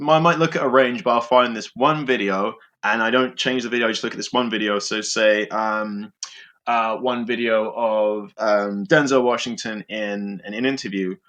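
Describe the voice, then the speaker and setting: A man who works as an improviser, talking through his method in an interview, pausing often with fillers. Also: lowish voice, fairly even intonation, a bit bright. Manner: thoughtful, halting with fillers. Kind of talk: interview answers.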